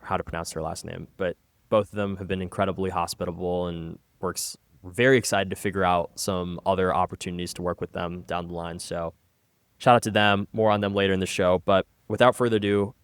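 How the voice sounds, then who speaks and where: A man's voice: low voice, a little fast, smooth, no echo. A man co-hosting a podcast in casual, hyped-up chat. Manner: hype, lively storytelling. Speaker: podcast co-host.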